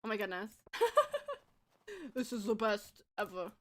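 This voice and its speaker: A woman's voice: mid-range voice, fairly even intonation, unhurried. A woman in her twenties chatting casually on a gaming livestream, bubbly and giggly, rambling with lots of fillers. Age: 20s. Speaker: streamer.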